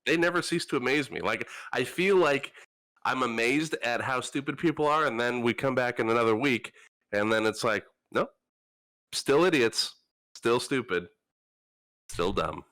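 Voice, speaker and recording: A man's voice: mid-range voice, moderate pace, fairly bright tone. A man co-hosting a casual comedy news chat, reacting bluntly and swearing freely. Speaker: podcast co-host.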